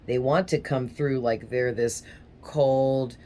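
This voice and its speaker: A woman's voice: very deep voice, steady tone, slow, warm tone, a little hiss or hum. A woman giving a casual tarot reading, talking in a rambling, hesitant way with small stutters. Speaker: tarot reader.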